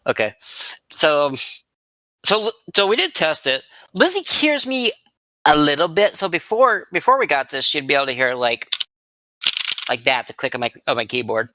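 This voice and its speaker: A podcast co-host telling funny stories in an animated, giggly way. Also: medium pitch, normal speed, pauses often. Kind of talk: casual chat.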